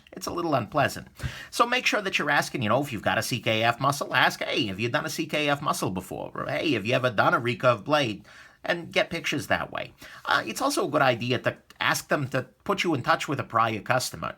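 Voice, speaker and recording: A man's voice: mid-range voice, bright, forceful tone. A man hosting his own channel, giving casual, conversational tips straight to the camera with frequent asides. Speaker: host of a knife review channel. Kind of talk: casual talking-head tips video.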